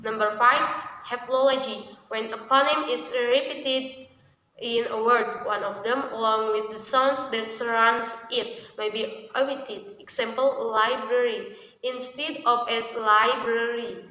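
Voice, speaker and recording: A woman's voice: on the high side, steady tone, a little slow, pushed and bright. A young woman student presenting a class topic point by point, as a numbered list. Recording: echoey hall with faint background noise.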